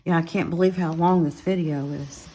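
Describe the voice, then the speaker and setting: A woman's voice: sits low, fairly even intonation, normal speed, mellow, a little hiss or hum. A woman, casually showing and describing her finished coloring pages to viewers, listing her supplies as she goes. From Alabama. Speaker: coloring vlogger. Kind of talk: casual show-and-tell narration.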